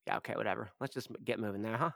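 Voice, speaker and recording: A man's voice: fairly low pitch, very fast, creaky, dry recording, clean studio sound. A man playing in a tabletop game, trading sarcastic, teasing banter in character. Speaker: player. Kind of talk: casual role-play banter.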